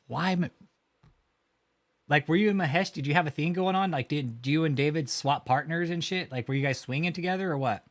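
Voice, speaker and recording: A man's voice: fairly high pitch, a bit bright. A man livestreaming outdoors by a road, talking casually in a blunt, profane, mocking way.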